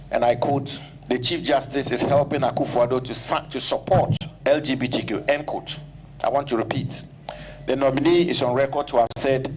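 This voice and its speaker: A man questioning a nominee in a formal parliamentary hearing, deliberate and repeating key points. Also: medium pitch, a little hiss or hum, rough recording. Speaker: committee member questioning.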